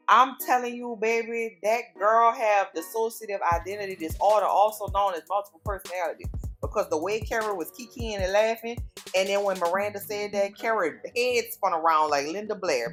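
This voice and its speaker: A woman recapping a TV episode in a casual vlog, sassy, animated and exasperated, cursing and talking straight to her viewers. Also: mid-range voice, moderate pace, soft background music. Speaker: TV recap YouTuber.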